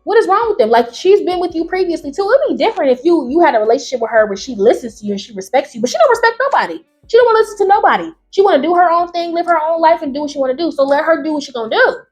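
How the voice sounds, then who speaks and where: A young woman hosting her channel, who reads stories aloud and reacts to them with blunt, animated rants. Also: high voice, racing, few pauses, faint music behind. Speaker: channel host.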